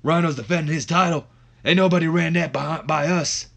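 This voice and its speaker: Guy doing a cranky wrestler, loud and high, brushing everyone off. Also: a little fast, gravelly. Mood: irritated. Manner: shouty, dismissive, high-pitched.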